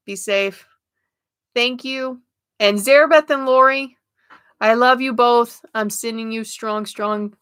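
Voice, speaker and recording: A woman's voice: mid-range voice, fairly bright tone, smooth, no echo, studio quality. A woman hosting a spiritual livestream, chatting casually with viewers while she reads oracle cards and laughs often. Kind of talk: casual live chat reading oracle cards.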